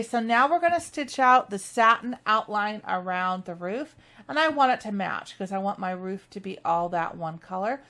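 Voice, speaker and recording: A woman's voice: mid-range voice, fairly bright tone. A woman leading a machine embroidery tutorial, chatty and enthusiastic as she walks viewers through each step. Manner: upbeat, chatty, enthusiastic about stitching. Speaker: sewing instructor.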